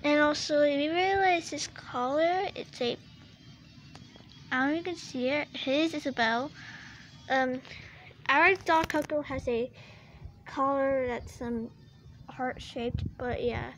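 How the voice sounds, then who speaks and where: A woman's voice: sits high, slow, pauses often, fairly bright tone, soft background music. A female vlogger chatting casually to camera about her toy collection, rambling with lots of fillers and restarts.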